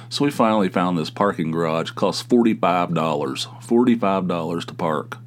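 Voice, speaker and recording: A middle-aged man hosting a podcast, telling a personal story in a casual, animated way, jumping his voice up to act out quoted exchanges and swearing casually. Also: deep voice, moderate pace, hardly any pauses. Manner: self-deprecating, swears casually. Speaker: podcast host.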